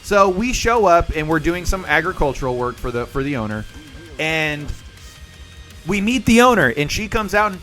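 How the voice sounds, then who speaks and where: A young man hosting a live stream and telling a story to his viewers. His voice is high, bright and bouncy. He acts out the people in his story, and soft music plays in the background. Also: animated, normal speed. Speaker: livestream host. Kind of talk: casual storytelling chat with viewers.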